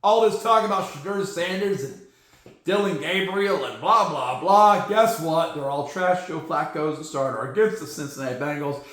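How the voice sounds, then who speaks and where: A man's voice: on the high side, moderate pace, fairly bright tone, roomy sound. A man hosting a football podcast, running through the news in a sarcastic, joking way. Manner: sarcastic, joking, mocks teams with silly sound effects. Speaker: podcast host. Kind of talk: casual sports news commentary.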